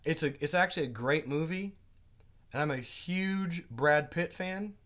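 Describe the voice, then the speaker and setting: A man teaching a live day trading class, chatting casually, asking his viewers quick questions and reading out their comments. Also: on the high side, fairly bright tone. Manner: asks quick questions to the audience.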